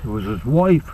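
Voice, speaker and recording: Older man telling jokes, slow lively delivery with a lot of bounce in the pitch, chuckles at himself. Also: a little hiss or hum, rough recording. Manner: rambling, chuckles at own jokes. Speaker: joke teller. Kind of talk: casual joke telling.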